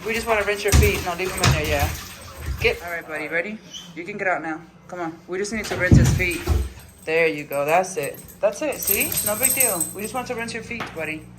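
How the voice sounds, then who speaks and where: A woman dog vlogger chatting casually, coaxing her dog in a soft voice and telling the story in lively slang. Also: lowish voice, a little fast, over loud music. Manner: animated, swearing slang. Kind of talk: casual vlog chat.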